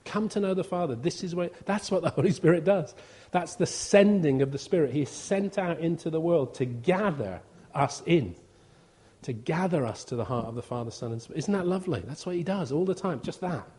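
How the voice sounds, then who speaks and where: A man's voice: on the high side, lively intonation, brisk, mellow. A man, a visiting preacher giving an informal, humorous sermon and acting out quotes. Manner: chatty, humorous, acts out quotes.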